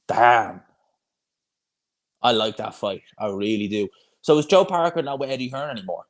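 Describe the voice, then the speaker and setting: Man, young, casual live-stream chat, rambling, fairly low voice. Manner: chatty, rambling, frequent restarts and fillers. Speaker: boxing YouTuber hosting a live watch-along.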